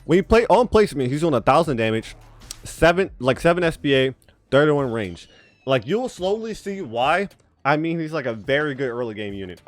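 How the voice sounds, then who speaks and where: A man's voice: on the high side, sing-song, moderate pace, dry recording. A man giving casual, rambling gameplay commentary, swearing freely and saying bro a lot, his speech a bit spitty from a retainer. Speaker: gaming YouTuber.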